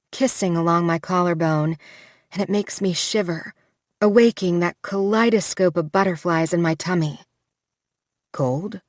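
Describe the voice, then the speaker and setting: A woman narrating a first-person romance audiobook in an intimate, measured way, close to the mic. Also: fairly low pitch, dry recording. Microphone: close studio mic. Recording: dry studio recording.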